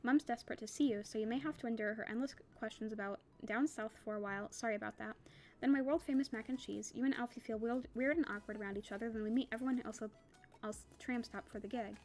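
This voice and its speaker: A woman's voice: fairly high pitch, fairly even intonation, fast, darkish tone, lightly acted. A woman reading the lines of a bossy, teasing young female friend in a novel.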